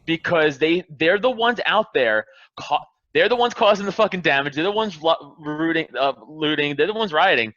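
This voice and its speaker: A man ranting profanely and passionately as a guest on a casual podcast, building to loud emphatic peaks. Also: a little high, expressive, normal speed, few pauses, no echo, dull audio. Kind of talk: heated casual podcast rant.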